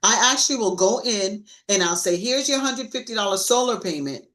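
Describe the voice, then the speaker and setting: A woman leads a live-streamed sales training session, punching her coaching with lively emphasis and role-playing sample lines to clients. She speaks briskly in a mid-range voice over poor-quality audio.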